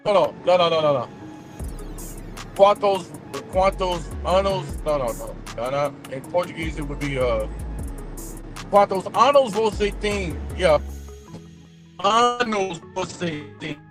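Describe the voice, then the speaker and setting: Male vlogger, 40s, high-pitched, unhurried, slangy self-talk from the driver's seat. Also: lively intonation, over music. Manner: thinks aloud, slangy, mutters and sounds words out slowly. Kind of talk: casual chat while practicing languages.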